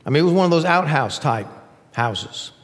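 A man's voice: fairly high pitch, normal speed. An older man, a pastor, preaching a sermon in a conversational style, acting out little quoted voices as he goes. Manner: conversational preaching with lively acted-out asides. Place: church sanctuary. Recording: long reverb of a large hall.

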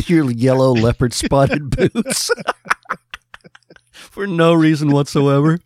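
A man's voice: on the high side, expressive, drawn-out words, a little mellow, no room sound, studio quality. A male podcast co-host chipping in with teasing wisecracks and chuckles during casual chat.

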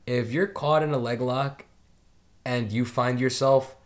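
A man's voice: mid-range voice, fairly even intonation, measured pace. A young man in casual chat on a podcast, rambling with many fillers and swearing freely.

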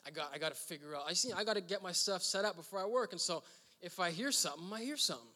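A man's voice: high-pitched, lively intonation, racing, bright, forceful tone. A man preaching as pastor in a church hall, telling a story in a loose, conversational way with frequent "uh" fillers. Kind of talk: sermon storytelling. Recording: reverberant hall.

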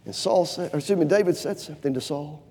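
A man preaching a sermon with fervent delivery, swinging from loud urgent pleading to low hushed lines. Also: fast talker, slightly rough. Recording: long hall reverb.

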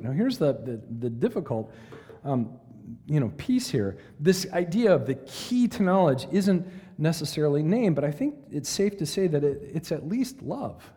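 Male Bible teacher, mellow voice on the higher side, lively delivery, big reverberant hall. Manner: animated, asks listeners questions, reads verses dramatically. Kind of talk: conversational Bible lesson.

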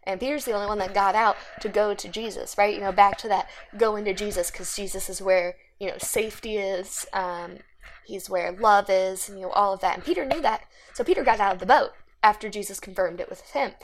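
A woman talks through a Bible story in a loose, rambling way. She keeps checking in with her listeners and wanders off on side notes. Her voice sits at a middle pitch for a woman. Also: steady tone, fairly quick, slight background noise. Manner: rambling, chatty, says "right?" often. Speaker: Bible study speaker. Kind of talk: casual Bible teaching.

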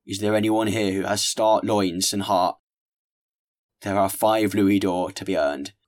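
A man's voice: low-pitched, level tone, moderate pace, gravelly, a bit bright, full character voice. A man voicing an earnest mayor who makes urgent, insistent appeals to a crowd.

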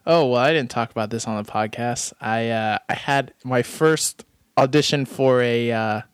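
A man's voice: medium pitch, moderate pace, clean tone, no room sound. A young man hosting a podcast, chatting casually in a rambling, self-deprecating way and laughing often. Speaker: podcast host. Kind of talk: casual chat.

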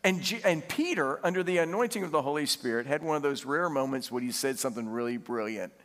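A man preaching a sermon, animated and laughing as he tells stories and asks the congregation questions. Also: mid-range voice, fast talker. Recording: long hall reverb.

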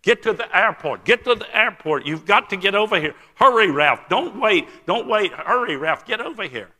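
An older man in broken English, pitched high and talking fast with breathless urgency, as a preacher puts him on. His voice rings out bright and loud and trails off into the long echo of a big church hall. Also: expressive. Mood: urgent.

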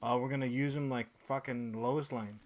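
A man co-hosting a podcast, rambling and swearing freely, cracking jokes in quick bursts. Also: mid-range voice, fairly even intonation. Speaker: podcast co-host. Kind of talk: casual podcast chat.

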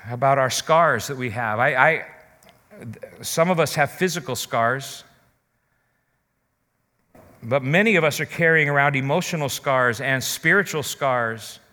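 A man's voice: on the high side, pushed and bright, in a large hall. A man preaching a sermon as pastor, talking earnestly and straight to his listeners. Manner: earnest, direct address to listeners.

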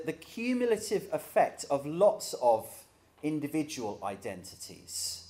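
A man's voice: a little high, darkish tone. A middle-aged man preaching a sermon in a conversational way, with dry humor.

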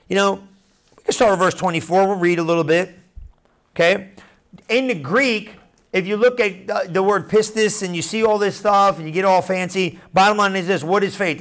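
Man, preacher, high voice, animated and conversational, acts out scripture in slang. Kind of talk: casual sermon teaching.

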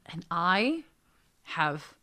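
A young woman, a podcast co-host, telling a travel story in an animated way and acting out the people in it with big swings in loudness. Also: lowish voice, very slow. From United States. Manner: lively, acts out the people in her story with big shifts in loudness.

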